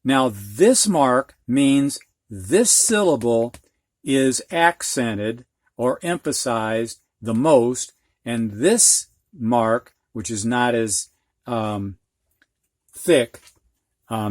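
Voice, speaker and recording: A man's voice: medium pitch, animated, very slow, no echo, studio quality. A middle-aged man teaching a reading lesson, patiently spelling out letters and walking through each step. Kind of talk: instructional video lesson.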